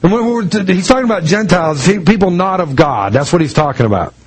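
A man with a fairly high voice preaching in a casual, storytelling way. He restarts his sentences often and slips into the voices of the people in his story. The feel is a relaxed talk to a congregation rather than a formal address. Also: fast talker, husky, rough recording. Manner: conversational storytelling with many restarts; acts out quoted voices in dialogue. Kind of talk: sermon with personal story.

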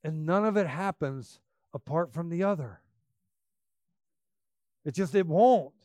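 Emphatic high-voiced male preacher. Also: a little slow, no echo. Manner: emphatic, shifts between loud bursts and quiet asides. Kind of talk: sermon.

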